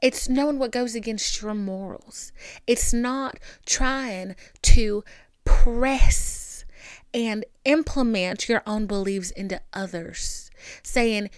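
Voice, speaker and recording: A woman with a Southern country accent, hosting a podcast and giving candid advice in an animated, sassy way with lots of emphatic repetition. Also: on the high side, slow pace, clean tone, no room sound. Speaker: podcast host.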